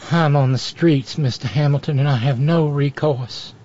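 A man's voice: on the high side, moderate pace, darkish tone, dull audio, voice pushed up, natural voice. A man putting on a coy pleading swindler woman.

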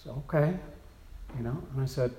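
A man's voice: mid-range voice, moderate pace, dark tone, echoey room. A man preaching a sermon as pastor, telling stories in a chatty way with many asides. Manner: conversational storytelling with many asides.

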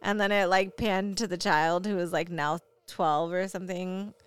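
Young mom, casual chat, clear smooth voice, candid storyteller with lots of fillers. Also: female voice, fairly low pitch, steady tone, normal speed, no echo. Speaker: parent.

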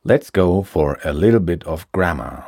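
A man teaching a grammar lesson, explaining slowly and clearly with examples. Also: low voice, lively intonation, music in the background. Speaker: language teacher.

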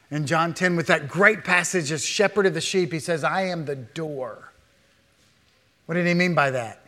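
A man preaching a sermon as a pastor, animated, with rhetorical questions to the congregation and quick asides acting out imagined speakers. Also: on the high side. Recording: long hall reverb.

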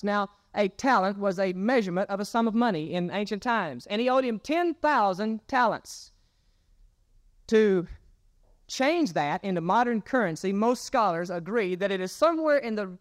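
Male pastor, earnest sermon delivery, high-pitched voice, repeats phrases for weight. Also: dry recording, clean studio sound. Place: church sanctuary.

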